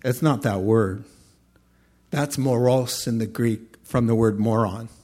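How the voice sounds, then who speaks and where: A man preaching a sermon in a conversational, animated way, acting out short voices as he tells stories. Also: mid-range voice, unhurried. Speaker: pastor.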